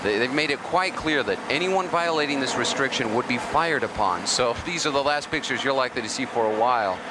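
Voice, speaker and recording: A man's voice: mid-range voice, expressive, brisk, close to an everyday voice. An actor playing a male TV news correspondent giving an urgent, wary field report from outdoors. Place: outdoors at impact site. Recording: loud outdoor background noise.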